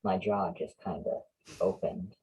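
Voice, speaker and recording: A man's voice: sits low, fairly even intonation, unhurried, warm tone, a little hiss or hum, poor audio. A man hosting a podcast, asking the guests casual questions and joking. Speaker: podcast host.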